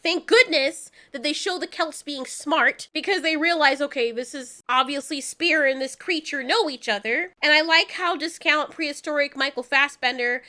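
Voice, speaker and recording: A woman reviewing an animated show in casual chat, animated and swearing freely as she acts out the characters' lines. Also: high-pitched, normal speed, few pauses.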